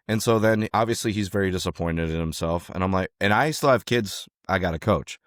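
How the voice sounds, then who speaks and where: Lowish-voiced man telling a coaching story. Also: quick pace, hardly any pauses, no echo, studio quality. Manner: animated storyteller, acts out quotes, swears freely. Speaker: podcast co-host, former youth wrestling coach. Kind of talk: casual storytelling chat.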